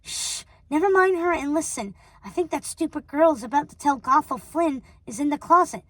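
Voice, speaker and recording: A woman's voice: sits high, animated, fairly quick, no echo, low-quality recording. A woman voicing a bossy, spiteful elder witch sister who speaks in a cold, cutting, scornful way.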